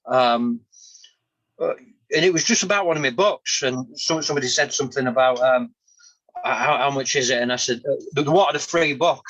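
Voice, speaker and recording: A man's voice: medium pitch, brisk, fairly bright tone, highs cut off. A man hosting a podcast, talking reflectively and hesitantly about his own feelings. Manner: reflective, hesitant, many restarts. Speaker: podcast host. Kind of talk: candid casual chat.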